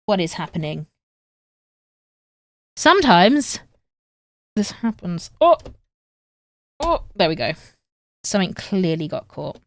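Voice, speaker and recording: A woman's voice: on the low side, sing-song, normal speed, pauses often, no echo, clean studio sound. A young woman from England with a northern English accent, chatting casually with viewers on a sewing livestream. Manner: chatty, reads chat aloud and talks to viewers while sewing. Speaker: streamer.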